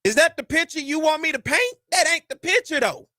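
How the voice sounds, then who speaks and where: Animated high-voiced sports podcast host. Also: male voice, fairly quick, dry recording, clean studio sound. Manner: animated, preachy, folksy slang. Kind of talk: casual sports talk.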